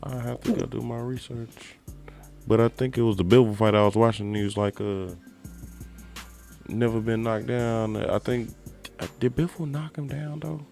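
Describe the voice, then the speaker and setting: A man's voice: moderate pace, creaky, faint music behind. A man co-hosting a podcast, chatting casually about boxing in heavy slang and cursing freely. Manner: animated, slangy, swears a lot, mimics people in a high voice. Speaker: podcast co-host.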